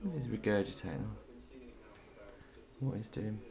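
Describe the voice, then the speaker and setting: A woman filming her parrot at home, cooing to it in a sing-song baby-talk voice that jumps high, then chatting plainly to the camera. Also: animated, unhurried, gravelly, crowd noise. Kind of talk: casual home video chat. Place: at home beside a bird cage.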